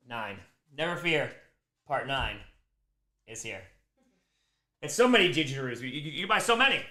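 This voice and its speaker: A man's voice: a little high, bright, forceful tone. A man hosting a charity livestream from home, chatting casually, fondly scolding his dog and thanking donors. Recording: roomy echo.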